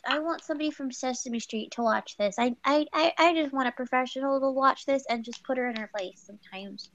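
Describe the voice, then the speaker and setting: A woman chatting casually on a livestream, starting her sentences in halting repeats. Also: sits high, fairly bright tone, lo-fi sound, a little hiss or hum. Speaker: livestream participant. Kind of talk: casual group chat.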